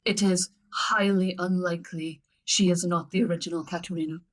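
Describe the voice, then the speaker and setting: Woman player, low pitch, flat steady delivery, in-character role-play. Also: a little fast, low-quality recording.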